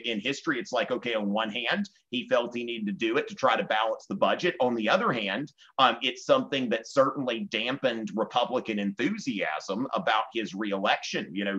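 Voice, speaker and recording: Male history teacher with a Southern US accent, chatty lecture full of fillers, bright tone, muffled lo-fi sound. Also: medium pitch. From Virginia. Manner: conversational, many fillers, animated quotes. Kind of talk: online exam-prep lecture.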